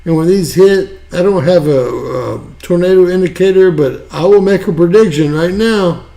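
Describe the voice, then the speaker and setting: A man's voice: high voice, normal speed, gravelly, dark tone. A man hosting an online news show, giving rambling, folksy weather commentary and repeating himself. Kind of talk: casual weather commentary over a map.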